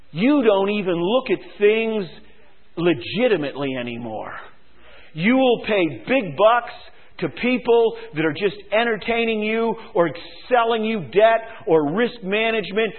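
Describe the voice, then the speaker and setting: A man preaching a sermon as pastor, sarcastic and emphatic, mocking his listeners. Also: high-pitched. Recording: tinny phone-like recording.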